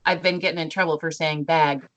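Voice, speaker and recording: A woman's voice: sits low, fairly even intonation, brisk, a bit bright. A woman with an Upper Midwest accent co-hosting a casual radio talk show, bubbly and rambling as she tells stories. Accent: Upper Midwest American.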